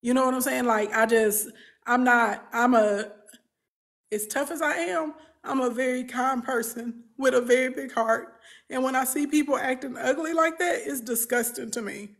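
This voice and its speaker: A woman's voice: high voice, moderate pace. A woman, a business coach talking bluntly and emphatically to her followers, often repeating phrases. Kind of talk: candid talk to followers.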